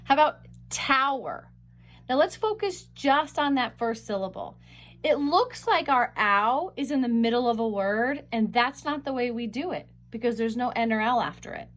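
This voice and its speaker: Lady teacher doing a phonics lesson, bit high voice, sounds out words real slow and careful. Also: expressive, a bit bright.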